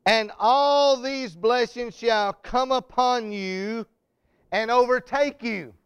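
A preacher with a strikingly high, smooth voice that carries a gravelly edge. He preaches with fervor, calls out to the people in front of him, and rises into shouts at the peaks. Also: slow pace. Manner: fervent, shouting climaxes, calls to congregation. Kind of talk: sermon.

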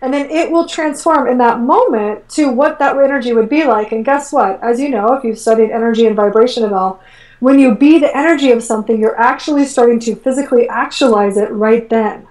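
A woman's voice: fairly high pitch, a little fast. A woman guest in a casual interview, telling stories with lots of fillers and acting out her own quotes. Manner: animated storytelling, acts out her own quotes, many fillers like "like" and "um". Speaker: guest, energy work coach. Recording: echoey room, voice far from mic.

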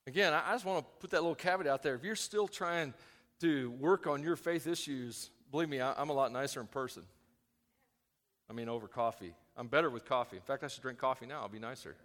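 A man preaching a sermon as a pastor, swinging from loud emphatic points to quiet asides. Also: medium pitch, in a large hall.

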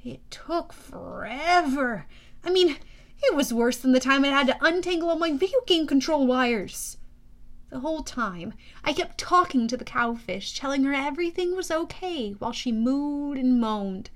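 A woman reading a first-person audiobook in a lively, expressive way with youthful energy. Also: high voice, normal speed. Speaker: audiobook narrator.

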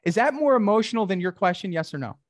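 High-voiced emphatic sales coach man. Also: animated, fast talker, no room sound, clean studio sound. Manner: direct, emphatic, acts out customer dialogues.

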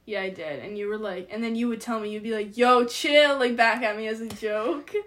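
A young woman of eighteen chatting casually with a friend, slangy and quick to laugh, sometimes mumbling her words together. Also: mid-range voice, steady tone. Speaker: podcast co-host. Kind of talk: casual chat.

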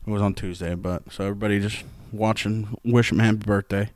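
A man's voice: on the low side, fairly even intonation, brisk, darkish tone, no echo, studio quality. A young man hosting a casual sports podcast, telling stories loosely with lots of swearing and laughter. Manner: loose, profane, storytelling, laughs often. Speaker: podcast host.

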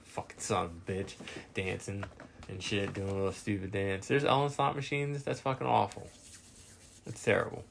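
A man's voice: fairly low pitch, fairly even intonation, moderate pace, vocal fry, slight background noise. A man co-hosting a podcast, talking in a casual, profane, sarcastic ranting way. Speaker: podcast co-host. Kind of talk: casual chat. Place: Newport, Kentucky area.

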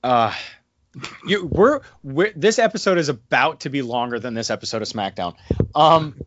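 A man co-hosting a casual wrestling recap podcast, talking animatedly and slipping into excited impressions now and then. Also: mid-range voice, normal speed, lo-fi sound, slight background noise. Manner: animated, breaks into excited mimicry. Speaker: podcast co-host.

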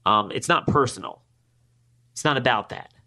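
A podcast host with a bright, forceful tone, speaking in a voice of ordinary height. He leans into his points and goes higher and harder when indignant. He acts out both sides of conversations to tell his story. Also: lively intonation, moderate pace. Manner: emphatic, rising in pitch when indignant. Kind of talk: political commentary monologue.

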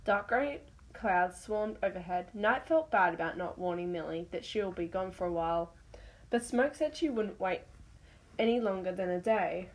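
A woman's voice: lowish voice, normal speed, rough recording. A woman reading her own animal story aloud, stumbling over words now and then.

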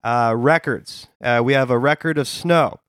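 A man's voice: medium pitch, normal speed, fairly bright tone, clear, resonant tone, no room sound. Dry, rambling man on a podcast. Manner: dry, rambling, absurd riffs. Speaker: podcast co-host. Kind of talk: casual comedic chat. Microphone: studio podcast mic.

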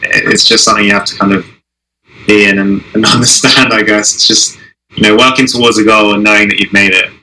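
A young man being interviewed, talking casually with many restarts and pauses. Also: lowish voice, flat delivery, sharp tone, poor audio. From Israel. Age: young adult. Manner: halting, many restarts and "I mean". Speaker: guest, Olympic alpine skier.

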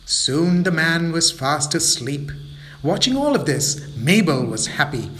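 Expressive male storyteller for children. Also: a little high, measured pace.

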